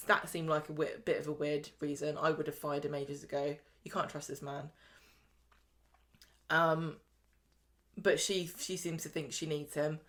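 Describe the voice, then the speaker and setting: A woman's voice: sits low, little pitch movement, moderate pace, long pauses, fairly bright tone. A woman hosting a podcast, recapping a soap in chatty, joking talk. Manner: chatty, jokey, acts out characters' lines. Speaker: podcast host. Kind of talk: casual soap recap chat.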